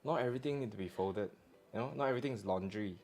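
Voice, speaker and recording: Malaysian guy hosting a chat stream, teasing, loud bursts, "lah" everywhere, faint music behind. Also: on the low side, very fast. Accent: Malaysian English. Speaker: show host. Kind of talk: casual live-stream chat.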